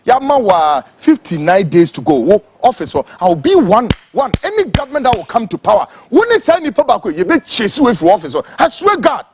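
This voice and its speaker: A man's voice: high voice, big pitch swings, a little fast, hardly any pauses, slight background noise. A Ghanaian man giving an angry, impassioned political rant, switching between English and Twi. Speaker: political commentator.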